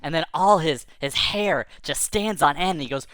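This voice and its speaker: A woman telling a kids' tall tale in the first person, lively and rambling, with playful sound effects. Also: deep voice, moderate pace, few pauses, dry recording. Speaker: storyteller.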